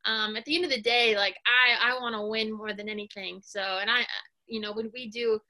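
A woman in her thirties, a former college basketball player and now a coach, answering interview questions in a soft-spoken, hesitant way with many pauses and fillers. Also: fairly high pitch, steady tone. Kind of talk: casual interview.

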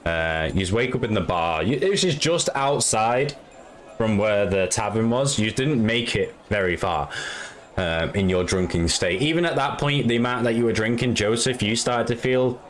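A man's voice: fairly low pitch, lively intonation, normal speed, slight background noise. A man narrating a tabletop game as game master, rambling with many fillers.

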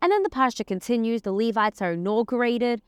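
A woman's voice: on the high side, animated, brisk, clean tone, dry recording, studio quality. A woman giving a conversational Torah lesson, weaving Hebrew terms and verses into her explanation. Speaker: Torah teacher. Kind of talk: casual spoken lesson on the weekly portion.

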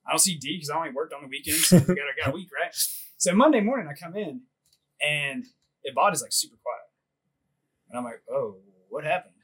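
A man's voice: fairly high pitch, expressive, quick pace, crowd noise. A man in his thirties on a comedy podcast, telling a crude story in a rambling way, laughing often and leaning on filler words. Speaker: podcast co-host.

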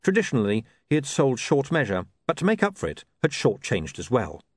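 A man's voice: medium pitch, huge pitch swings, a little fast, dry recording. A man reading a comic novel aloud as narrator, with wry, dry storytelling. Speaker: audiobook narrator. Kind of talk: scripted narration.

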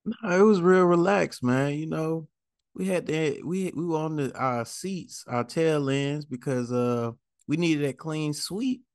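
A man co-hosting a sports podcast who talks very slowly, in a relaxed and unhurried way. His voice is a little higher than most men's, and the sound is dry. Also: clean tone, no echo. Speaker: podcast co-host. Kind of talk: casual chat.

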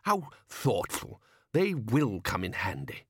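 A man's voice: on the low side, very animated, slow, fairly bright tone, husky, dry recording, clean studio sound, exaggerated voice. A man doing a quavering, timid old bursar. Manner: quavering, weak. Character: nervous frail elderly male wizard bursar.

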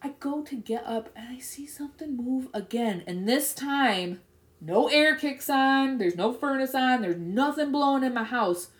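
A woman co-hosting a podcast, telling a story in casual chat, animated and profane. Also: sits high, unhurried, reverberant. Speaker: podcast co-host.

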